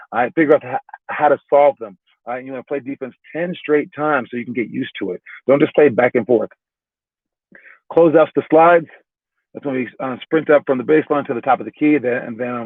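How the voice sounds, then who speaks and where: A man's voice: mid-range voice, no room sound. A man working as a basketball trainer, casually explaining drills with loose, talky delivery, frequent restarts and repeated "all right"s. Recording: tinny phone-like dry sound.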